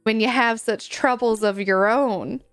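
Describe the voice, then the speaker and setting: A woman voicing a gruff, wistful old ghost pirate parrot in a video game, speaking in a halting, makeshift pirate lilt. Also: on the high side, dry recording, faint music behind, natural voice.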